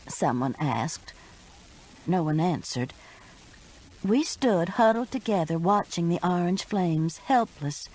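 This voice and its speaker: A woman's voice: on the low side, animated, unhurried, darkish tone, poor audio. A woman narrating a first-person mystery audiobook with urgent expression.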